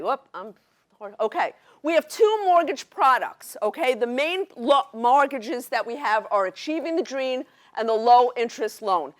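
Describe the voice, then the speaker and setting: A middle-aged woman with a Brooklyn accent, giving an excited, fast-paced educational presentation to a workshop audience. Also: high-pitched. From New York City. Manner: fast, excited, New York directness.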